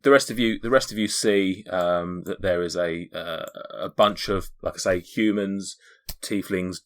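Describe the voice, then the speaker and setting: A man narrating as game master, hesitant and full of pauses. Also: deep voice.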